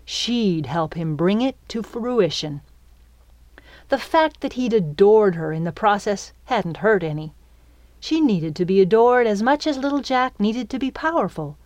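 A woman narrates her own book at an unhurried pace, with her pitch rising and falling vividly. The recording is dry and close, with no room sound. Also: no room sound. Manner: slow, expressive storytelling. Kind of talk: audiobook narration.

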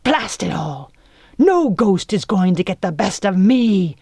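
A woman voicing a cruel, blustering pirate captain who shouts and growls his orders, in an audiobook reading. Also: medium pitch, big pitch swings, unhurried, husky, dry recording, studio quality, exaggerated voice. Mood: furious.

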